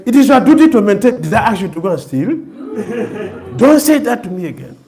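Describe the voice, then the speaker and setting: Male preacher playing an outraged wife, loud and high, scolding. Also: big pitch swings, fairly quick, creaky, full character voice. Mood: indignant. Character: indignant wife scolding her thief husband.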